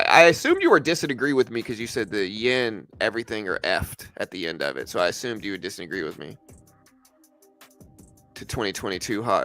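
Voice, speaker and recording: Over faint background music, a man hosting a casual market-commentary livestream talks back to his chat in a bright, forceful voice. His pitch swings widely as he argues with viewers, stumbling and repeating himself.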